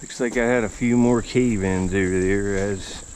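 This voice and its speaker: A man narrating a casual outdoor vlog in a relaxed, rambling, folksy way, filmed on a handheld camera by a river and an old dump. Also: fairly low pitch, moderate pace. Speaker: vlogger. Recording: faint outdoor noise with insects.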